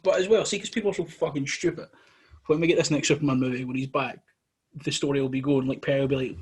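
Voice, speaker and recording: A young man co-hosting a podcast, chatting casually with sweary, jokey, animated remarks. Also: medium pitch, fast talker, husky. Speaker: podcast co-host. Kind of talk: casual chat.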